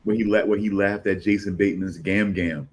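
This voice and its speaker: A man's voice: low voice, fairly even intonation, fairly quick, a crowd in the background. A man hosting a casual podcast, rambling and stammering as he repeats himself. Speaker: podcast host.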